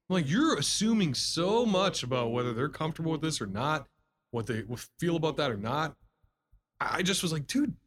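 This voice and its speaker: Animated, laughing salesman host. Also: fairly high pitch, slightly rough. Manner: animated storyteller, laughs often, acts out customers. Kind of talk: casual chat.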